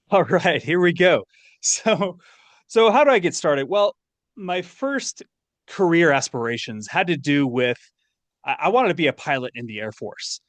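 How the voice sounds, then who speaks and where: A man's voice: on the high side, expressive, measured pace, no room sound. A man who is a guest on a podcast, joining over a remote call, talking casually with wry, self-deprecating humor.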